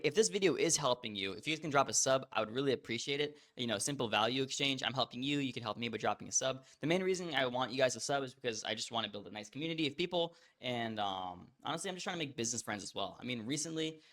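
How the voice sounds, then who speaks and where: A young man rattles off advice at high speed, blunt and matter-of-fact, calling his viewer "bro". His voice sits at a middling pitch and he often trips into restarts as he pushes on. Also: fairly bright tone. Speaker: online course host. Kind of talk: casual direct-to-camera teaching.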